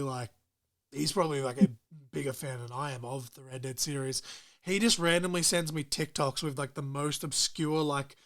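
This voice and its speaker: A young man hosts a casual podcast interview. His voice sits a touch high, and he rambles, laughs a lot and swears freely. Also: a bit bright. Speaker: podcast host.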